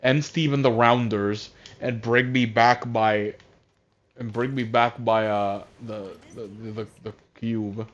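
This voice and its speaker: A man's voice: fairly low pitch, fairly even intonation, takes it slowly. A man voicing an impatient, bossy evil woman villain giving orders. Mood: commanding. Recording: dull lo-fi audio.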